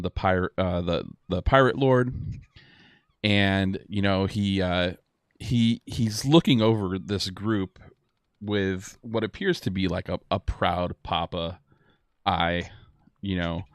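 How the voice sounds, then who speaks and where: A man's voice: low-pitched, no room sound, studio quality. A man narrating a tabletop role-playing game as game master, hesitating often with fillers and restarts. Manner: halting, with many fillers and restarts.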